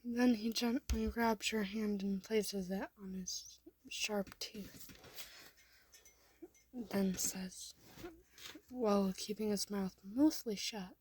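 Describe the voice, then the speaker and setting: A woman's voice: mid-range voice, fairly even intonation, takes it slowly, long pauses, darkish tone, slight background noise. A woman reading a second-person fan story aloud, often in a half-whisper.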